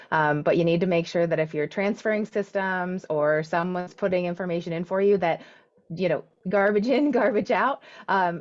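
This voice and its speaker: Woman on dull lo-fi webinar audio. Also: fairly low pitch. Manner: upbeat, frequent "um" fillers. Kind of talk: webinar panel talk.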